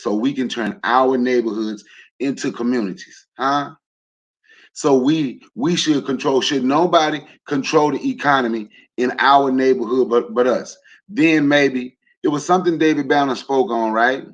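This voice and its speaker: A man of ordinary pitch talks loosely to his livestream chat, joking, asking questions and driving his point home with emphatic repeats. The sound is dull and lo-fi, like a home stream feed. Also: normal speed. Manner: loose and conversational, jokes and asks the audience; emphatic, rallying. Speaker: livestream host. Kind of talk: casual livestream talk to a chat.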